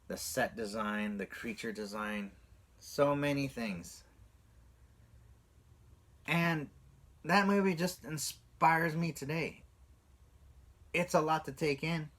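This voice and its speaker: A man vlogging casually to camera, recounting a childhood movie memory and acting out quotes with big jumps in his voice. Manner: animated, acts out quotes with big pitch jumps.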